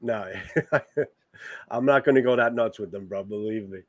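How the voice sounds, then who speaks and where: A man with a New York accent co-hosting a casual livestream chat, animated and greeting viewers by name. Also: lowish voice, normal speed, no room sound, highs cut off. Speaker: co-host.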